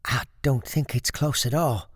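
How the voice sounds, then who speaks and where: A woman's voice: a bass voice, measured pace, husky, no echo, studio quality, full character voice. A woman voicing a wary, thoughtful young boy who questions things cautiously. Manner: cautious, reasoning. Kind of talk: horror story reading.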